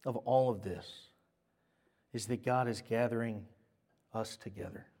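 A man preaching a sermon as pastor, telling stories with lively, self-mocking humor. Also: lowish voice, unhurried, creaky. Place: church service.

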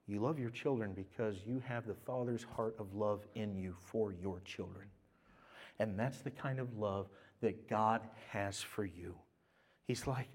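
A male pastor preaching a sermon, swinging from loud, exclaimed lines to quiet, intimate speech. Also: medium pitch.

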